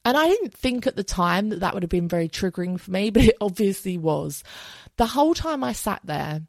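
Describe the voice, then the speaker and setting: A woman's voice: medium pitch, big pitch swings, fairly quick, creaky, darkish tone, no room sound. An English woman in her thirties hosting a solo podcast, talking candidly and chattily and swearing freely. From England. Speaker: podcast host. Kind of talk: casual solo podcast monologue.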